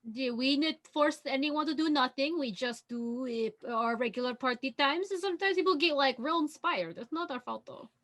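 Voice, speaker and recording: A woman's voice: high-pitched, normal speed, few pauses, a bit bright. A woman playing a brash female party-band member who shrugs off blame in a breezy way. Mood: defensive.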